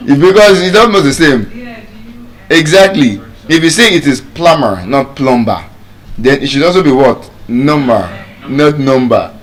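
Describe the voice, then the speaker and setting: A man's voice: on the high side, lively intonation, unhurried. A man with a Nigerian accent teaching English pronunciation, drilling words by repeating them. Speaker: pronunciation coach. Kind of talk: spoken English lesson.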